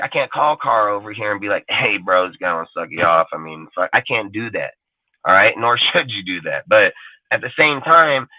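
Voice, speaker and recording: Male sports-talk host, mid-pitch, profane and heated, lo-fi phone-quality audio. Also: no room sound. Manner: profane, fired-up ranting. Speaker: podcast host. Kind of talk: casual sports rant.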